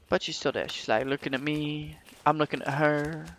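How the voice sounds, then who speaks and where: A man's voice: on the high side, flat delivery, moderate pace, fairly bright tone. A man giving goofy, rambling commentary over a game he is playing, full of jokey asides. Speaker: let's play gamer. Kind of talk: casual gameplay commentary. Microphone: desktop microphone.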